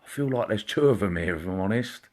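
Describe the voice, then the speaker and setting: A psychic medium hosts a casual live stream, chatting and greeting viewers by name, sometimes sinking into a quiet murmur. His voice is on the low side, animated and fast, picked up by a computer or phone mic.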